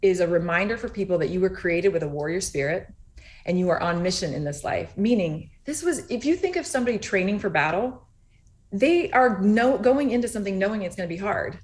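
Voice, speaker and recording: A woman's voice: mid-range voice, animated, brisk. A woman in her forties speaks as an interview guest from her home over a video call. She talks earnestly, and when she tells a story she acts out what each person said. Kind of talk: animated conversational interview.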